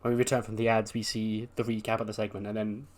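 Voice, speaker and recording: A man's voice: lowish voice, level tone, fast. A man narrating a wrestling management game in a rambling, casual way with lots of fillers. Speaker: game commentator. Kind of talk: casual let's-play narration.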